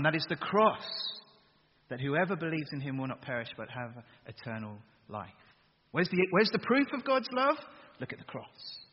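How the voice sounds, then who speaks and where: Preacher in a reverberant hall. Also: male voice, medium pitch, expressive, normal speed, husky. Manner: earnest, emphatic, rhetorical questions to congregation. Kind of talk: sermon. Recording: dull sound with long hall reverb.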